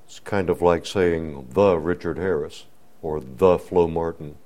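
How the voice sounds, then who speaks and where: A man preaching a sermon, teaching slowly and deliberately, building to emphatic swells on key words. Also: low voice, darkish tone.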